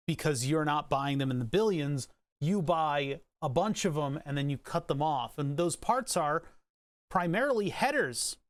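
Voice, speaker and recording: A male streamer talks in loose, rambling chat, restarting sentences and dropping swear words as he goes. His voice sits a little high for a man. The sound is dry and close with no room echo. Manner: rambling, profane, self-interrupting. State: hiccuping. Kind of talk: casual live-stream chat.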